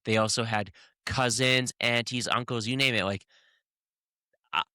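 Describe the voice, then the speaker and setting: A man co-hosting a casual podcast, talking heatedly in halting bursts with many restarts. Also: medium pitch, steady tone, bright, forceful tone, dry recording, studio quality. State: hiccups. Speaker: podcast co-host.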